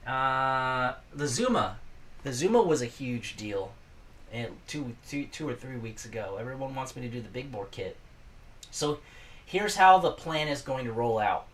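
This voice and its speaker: A man's voice: medium pitch, expressive, measured pace, a bit bright, far from the mic. A man casually hosting a live stream, rambling and chatting with viewers from his garage workshop.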